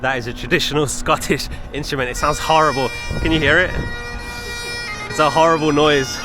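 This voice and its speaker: A man's voice: fairly high pitch, fairly even intonation, brisk, music in the background. A man filming a walking travel vlog outdoors on city streets, chatty and enthusiastic, often exclaiming at what he sees. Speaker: travel vlogger.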